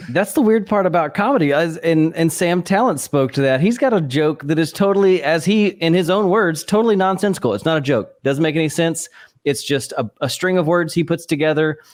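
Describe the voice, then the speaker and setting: A man's voice: a little high, fairly quick. A man hosting a comedy podcast, talking casually and searching for his words as he thinks aloud. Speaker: podcast host.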